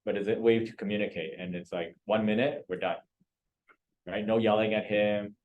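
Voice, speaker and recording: A man's voice: fairly low pitch, steady tone, moderate pace, phone-quality sound. A man leading a real estate training class, quizzing students and coaxing answers. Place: training room.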